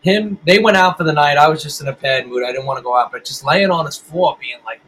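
A man's voice: on the high side, fast, a bit bright, a little hiss or hum, poor audio. A middle-aged man and band musician, telling stories in a casual interview with lots of swearing and rambling restarts.

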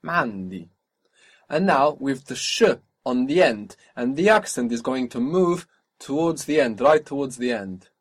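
A man's voice: mid-range voice, animated, a little slow, slightly rough. A man teaching a spoken language lesson, patiently asking for phrases, repeating each answer back and explaining pronunciation.

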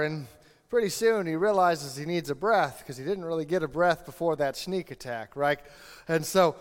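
A male pastor preaching a sermon, telling a story and building to impassioned appeals. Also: sits high. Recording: long hall reverb, faint music.

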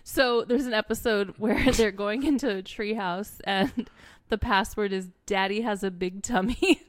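A woman's voice: medium pitch, unhurried, no room sound. An American woman co-hosting a podcast in casual chat, playful and teasing, giggling often. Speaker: podcast co-host.

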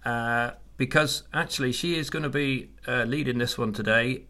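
A man's voice: medium pitch, normal speed, pushed and bright. A middle-aged man co-hosting a podcast, chatting casually with frequent restarts. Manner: chatty, hesitant with many restarts. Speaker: podcast co-host. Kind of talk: casual chat.

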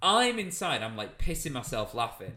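Animated young man telling a funny story. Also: mid-range voice, moderate pace. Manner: animated, swearing, lots of fillers. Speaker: podcast co-host, storyteller. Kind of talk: casual comedic storytelling.

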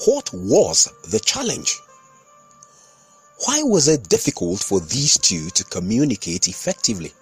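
Lively, husky podcast host. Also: male voice, lowish voice, normal speed, soft background music. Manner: instructive, storytelling. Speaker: podcast host and communication consultant. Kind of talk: scripted podcast narration.

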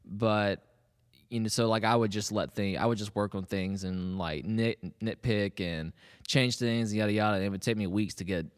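A man's voice: on the low side, moderate pace, big-room sound. A man in his thirties co-hosting a podcast, chatting casually and rambling with frequent restarts and laughs. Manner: rambling, self-interrupting, laughs often. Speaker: podcast co-host. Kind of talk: casual chat.

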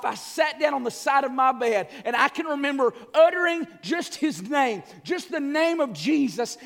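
Very high-voiced impassioned male preacher. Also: long reverb tail. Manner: impassioned preaching, rising to shouts and dropping to hushed lines. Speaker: pastor. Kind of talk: Easter sermon.

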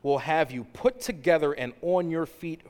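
A man preaching a sermon in an animated, casual way, slipping into slang and rising to shouts. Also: fairly high pitch, normal speed. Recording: long hall reverb.

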